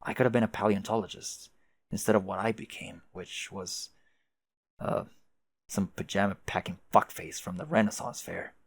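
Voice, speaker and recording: A man's voice: fairly low pitch, steady tone, moderate pace, no room sound. A man doing a sardonic ironic young guy. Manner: dry, sardonic, swearing casually. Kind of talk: reading a webcomic aloud, voicing characters.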